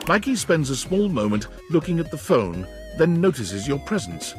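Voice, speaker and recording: A man's voice: on the high side, big pitch swings, moderate pace, a little mellow, faint music behind. A man reading scripted second-person narration in a video game.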